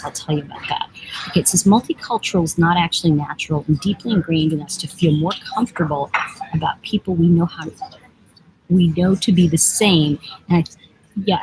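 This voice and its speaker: With a noisy background behind her low-pitched voice, an American woman streams casually from an airport lounge. The livestream host and oracle deck author rambles chattily, wandering off topic and teasing viewers as she reads their comments.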